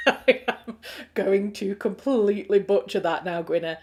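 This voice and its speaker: A writer from Yorkshire, England, hosts a livestream, chatting and rambling in her Yorkshire accent as she reads out comments and laughs often. Her voice is medium-pitched and slow-paced.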